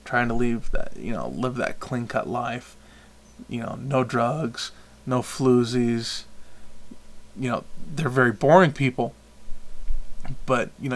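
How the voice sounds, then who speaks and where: A man's voice: mid-range voice, a bit bright. A man hosting a podcast, chatting casually and rambling through opinions with frequent restarts. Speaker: podcast host. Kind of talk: casual chat.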